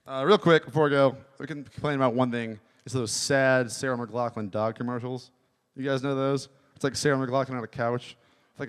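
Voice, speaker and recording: A man performing a stand-up comedy set at an open mic, rambling with deadpan asides. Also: medium pitch, clean tone. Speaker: stand-up comic. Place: small comedy venue.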